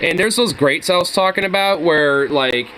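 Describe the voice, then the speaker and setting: A man's voice: fairly high pitch, normal speed, sharp tone, slight background noise. Frustrated young man ranting and swearing. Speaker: worker filming his workplace. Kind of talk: profane ranting vlog. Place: workplace kitchen, indoors.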